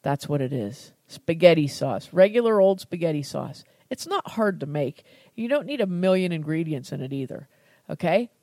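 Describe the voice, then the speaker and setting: A chatty American woman in casual conversation, her voice sitting a touch low. She jokes at herself and laughs easily as she talks a recipe through, recorded close and dry with no room around her. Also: a little mellow, no echo. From United States. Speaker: cooking podcast host. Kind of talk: casual cooking chat.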